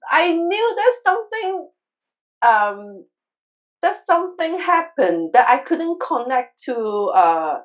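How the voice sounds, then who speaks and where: A woman's voice: sits high, very animated, takes it slowly, low-quality recording. A woman guest telling a personal story in a conversational interview, earnest and emotional, often restarting her sentences. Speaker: guest, crystal healer.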